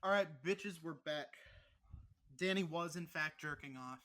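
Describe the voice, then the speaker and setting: A man's voice: on the high side, a little slow, a bit bright. A man co-hosting a podcast over a remote call, teasing his co-host in crude, mock-angry casual chat full of swearing.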